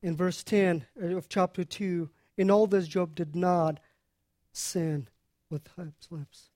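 An earnest preacher unpacks scripture at a very slow, deliberate pace, stopping often to explain. The voice sits at an ordinary middle pitch. It is recorded close and dry, with no room sound. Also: fairly even intonation, warm tone, no echo. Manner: earnest, unhurried explaining with pauses. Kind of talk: sermon teaching on scripture.

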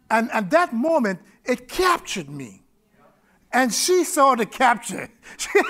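A man's voice: sits high, very animated, unhurried, bright, forceful tone. A middle-aged man preaching a personal testimony, telling his story with laughter, repeated words and sudden bursts of energy. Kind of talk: testimony sermon.

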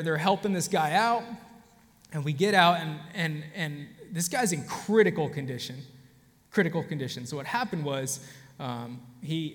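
High-voiced man preaching, casual storytelling. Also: big-room sound. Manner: conversational, frequent restarts, addresses audience directly. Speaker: pastor. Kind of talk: sermon with personal story.

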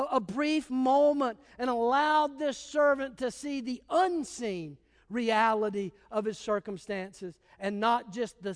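A man's voice: very high-pitched, big-room sound. A man preaching a sermon as pastor, telling stories in a casual, emphatic way.

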